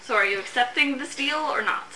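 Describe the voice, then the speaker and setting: A woman's voice: sits high, a little fast, pushed and bright. A woman running a tabletop game as game master, narrating casually with lots of filler words. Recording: roomy echo, faint hiss.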